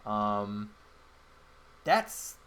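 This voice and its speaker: A man's voice: fairly low pitch, very animated, very slow, a bit bright. A man playing a solo tabletop game on his channel, thinking aloud in a rambling way with many fillers. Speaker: solo game player and host. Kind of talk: solo tabletop game play-through narration.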